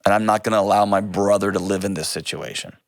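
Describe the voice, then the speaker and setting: A man hosting a call-in advice show, talking directly and earnestly, quick to correct himself. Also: lowish voice, fairly even intonation, no echo, clean studio sound.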